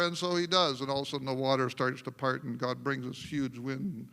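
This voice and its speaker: Animated male preacher in a reverberant church. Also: medium pitch, a little fast, gravelly, few pauses. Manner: animated storytelling with frequent laughs and restarts. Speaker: pastor. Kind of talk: sermon. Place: church sanctuary. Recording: long church hall reverb.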